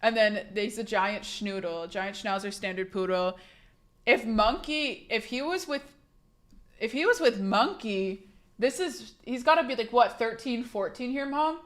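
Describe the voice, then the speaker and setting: A woman's voice: a little high, unhurried, a bit bright. A young woman livestreamer chatting casually to her viewers, swearing freely and restarting her sentences often. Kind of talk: casual chat to stream viewers.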